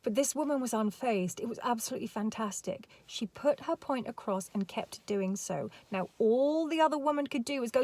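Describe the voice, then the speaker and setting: A woman's voice: fairly high pitch, brisk, hardly any pauses, dry recording. A woman giving a rambling casual commentary with emphatic repetitions. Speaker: commentary vlogger.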